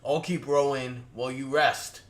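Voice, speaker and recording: A man's voice: mid-range voice, level tone, moderate pace, lightly acted. A man voicing a flirty male dwarf sellsword in a tabletop game, with a teasing way of talking. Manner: teasing, offers to row.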